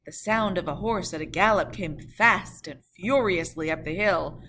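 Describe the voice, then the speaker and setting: A woman narrating a classic novel in a measured, expressive storytelling voice. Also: lowish voice. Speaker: audiobook narrator.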